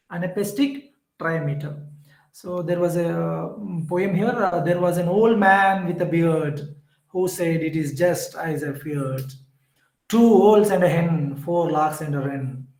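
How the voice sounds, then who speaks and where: A man's voice: sits high, a little mellow, echoey room, rough recording. A man teaching an online exam-prep lesson on literature. He explains step by step, repeats key terms and corrects himself as he goes.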